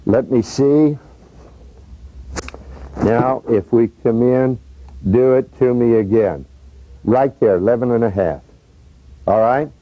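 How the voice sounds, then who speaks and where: A man's voice: medium pitch, slow, long pauses. Man, portrait photographer, coaxing models, running commentary, dull lo-fi recording. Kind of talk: live photo session instruction.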